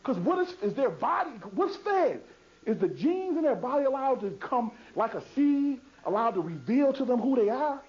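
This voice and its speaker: A man's voice: very high-pitched, sing-song, normal speed, darkish tone. A man giving a public lecture in an emphatic, repetitive way, asking rhetorical questions and answering them himself. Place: lecture hall. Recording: dull lo-fi 2000s video recording.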